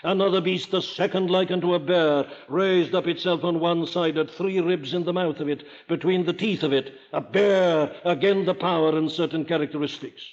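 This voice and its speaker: Older Welsh-accented preacher, emphatic and questioning, fairly high voice, dull lo-fi sound. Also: male voice, steady tone, normal speed, few pauses. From Wales. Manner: emphatic, rhetorical questions, rising to forceful declarations. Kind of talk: sermon. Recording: dull lo-fi archival sermon recording.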